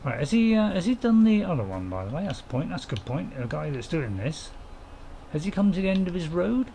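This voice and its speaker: A man's voice: a little high, very animated, a little fast, creaky, warm tone, slight background noise. A man, casually commenting on a farming game while streaming and chatting to viewers in a rambling, self-mocking way.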